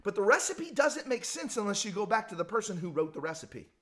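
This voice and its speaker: A man's voice: sits high, sing-song, brisk, pushed and bright. A man giving a conversational devotional talk, telling stories in a folksy way and repeating words as he gathers his thoughts. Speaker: devotional speaker.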